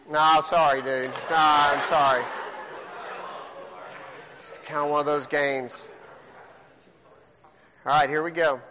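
A man's voice: a little high, slow, long pauses, a faint crowd. Teasing man hosting a church game. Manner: teasing, joking, animated. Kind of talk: playful game hosting to a congregation. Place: church sanctuary. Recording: long hall reverb, dull lo-fi sound.

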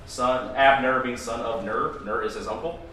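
A man casually leading a Bible study discussion, animated and acting out quotes in playful voices. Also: mid-range voice, moderate pace, a little hiss or hum. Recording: echoey room from far off with faint ambience.

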